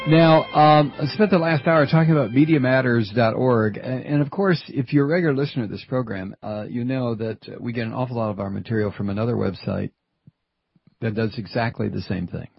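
A man's voice: medium pitch, fairly quick, vocal fry, husky, no room sound, muffled recording. A middle-aged man hosting a radio talk show, rambling and wry, digressing between topics. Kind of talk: casual talk radio chat. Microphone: studio microphone.

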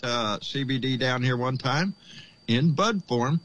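Excitable guy hosting a call-in show, folksy, cusses a lot, voice jumps way up when he gets hyped. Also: medium pitch, unhurried, poor audio. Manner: excitable, folksy, swears freely, says "baby". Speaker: podcast host. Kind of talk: casual call-in show chat.

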